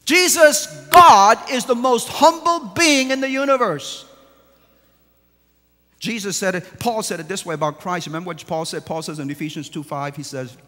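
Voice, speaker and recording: A man, a pastor, delivering a sermon that swings from hushed, quiet passages to emphatic, rising declarations. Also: sits high, normal speed. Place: large church sanctuary. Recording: long church reverb.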